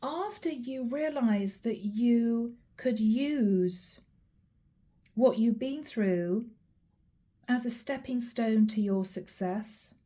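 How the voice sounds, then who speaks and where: A woman reading tarot cards aloud in a mellow, fairly high voice. She talks emphatically, repeats her key points and drops into quick asides that voice the listener's thoughts. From Europe. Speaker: tarot reader.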